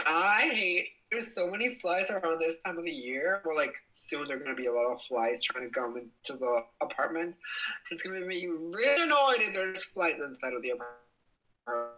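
A man's voice: mid-range voice, sharp tone, low-quality recording. Bubbly young man chatting on a livestream. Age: young adult. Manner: bubbly, giggly, exclaims and swears playfully. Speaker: livestream host. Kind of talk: casual livestream chat reading comments.

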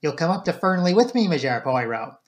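A man's voice: fairly high pitch, sing-song, a little fast. A man voicing a blunt, stubborn male police inspector who talks brusquely.

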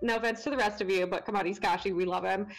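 A woman's voice: mid-range voice, steady tone, racing. A woman co-hosting a stream award show, upbeat and gushing about friends. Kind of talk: casual livestream chat.

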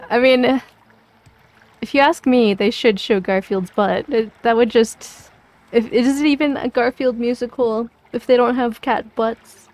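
A woman's voice: fairly high pitch, fairly even intonation, measured pace, darkish tone. Playful, giggly woman streamer. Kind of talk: casual game-stream chat.

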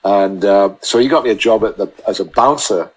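A low-pitched man talks casually as a podcast guest. He rambles through his stories, stopping and restarting his sentences as he goes. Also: slightly rough, poor audio. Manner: rambling, halting anecdotes full of restarts. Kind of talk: casual storytelling chat.

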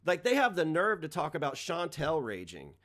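A man's voice: a little high, wildly swooping pitch, moderate pace, fairly bright tone. A man ranting casually on a live stream, mocking and swearing, laughing often at his own jokes.

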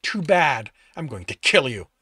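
Scornful young monster hunter, raised and sharp, read by a man. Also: mid-range voice, sing-song, a little slow, husky, no echo, studio quality, exaggerated voice. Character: young male demon hunter, defiant and scornful.

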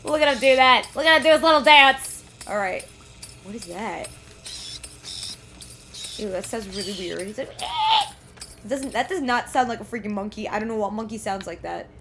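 A young woman streaming a horror game live, excitably reacting out loud and talking to the game and her chat from a desk mic at home. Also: a little high, fairly quick, noisy background. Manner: excitable, exclaims and talks to the game. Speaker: gameplay streamer. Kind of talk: live let's play commentary.

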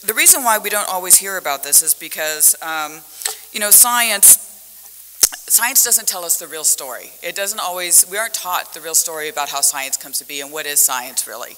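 Woman panelist, conference talk, bright voice, lively storyteller. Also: low voice, moderate pace, slight background noise. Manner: animated storytelling with vivid metaphors. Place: conference hall. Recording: echoey conference hall.

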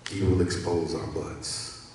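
A man's voice: deep voice, level tone, slow, a little mellow, slight background noise. A man preaching a sermon to his church, repeating key phrases and calling for responses from the congregation. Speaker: pastor. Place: church sanctuary. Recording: echoey church hall, mic at a distance.

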